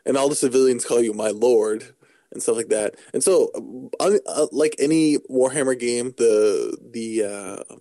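A man's voice: medium pitch, a little slow, warm tone, no room sound. Rambling man chatting about games. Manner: rambling, jokey, many fillers and restarts. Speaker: podcast co-host. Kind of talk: casual gaming chat.

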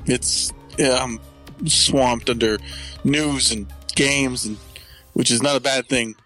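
A man hosting a casual gaming podcast, trading quick jokes with his co-host. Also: mid-range voice, steady tone, fairly bright tone, faint music behind. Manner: jokey, quick banter. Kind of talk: casual chat.

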